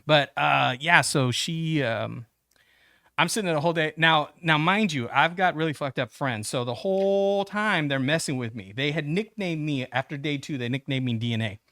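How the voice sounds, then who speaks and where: A man's voice: a little high, normal speed, bright, forceful tone, no room sound. A man rambles through a personal story, stacking fillers and restarts and swearing freely. He jumps into other people's voices as he retells the scene. The sound is dry and close, with no room around it. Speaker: podcast guest. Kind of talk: casual storytelling.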